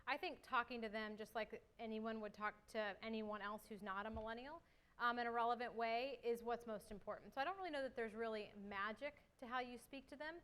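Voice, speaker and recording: A young woman giving an energetic conference talk and answering questions, a little out of breath. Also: a little high, a little fast. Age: young adult. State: slightly out of breath. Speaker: marketing executive speaker.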